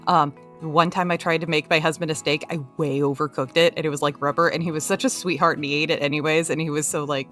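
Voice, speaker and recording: A woman's voice: deep voice, steady tone, quick pace, few pauses, fairly bright tone, faint music behind. A woman hosting a casual crochet live stream, bubbly and giggly, greeting her chat one by one.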